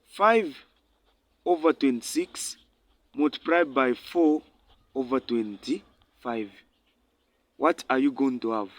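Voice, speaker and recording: Slow, deliberate male maths tutor. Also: medium pitch. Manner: asks rhetorical questions and answers them himself; repeats numbers slowly while writing. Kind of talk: maths lesson at a board.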